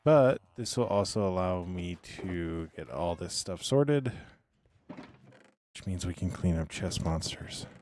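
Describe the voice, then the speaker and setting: Hoarse, very low-voiced male streamer. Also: expressive, slow pace, a little mellow, slight background noise. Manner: rambling, talks to himself and chat; drifts into whispering. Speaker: game streamer. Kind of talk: casual live gameplay commentary.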